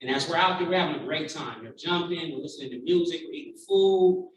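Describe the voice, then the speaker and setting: This keynote speaker, a man in his thirties, talks fast in a voice on the high side, with slight background noise. Telling a personal story to a large room, he is heartfelt and animated, performing what others said, and the recording has heavy hall echo with his voice far away.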